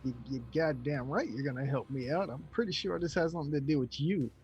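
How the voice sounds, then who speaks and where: A man's voice: on the high side, fast, a little mellow, dull audio, soft background music. A man playing his character in a tabletop game, speaking in character and muttering. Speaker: player. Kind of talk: in-character tabletop role-play.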